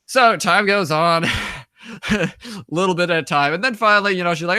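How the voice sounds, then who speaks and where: Bright-voiced young American man rambling. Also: fairly high pitch, moderate pace, pauses often, clean tone, dry recording, studio quality. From United States. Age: young adult. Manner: rambling, with many fillers and restarts; acts out quoted dialogue in conversation. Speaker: interview guest. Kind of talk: casual storytelling.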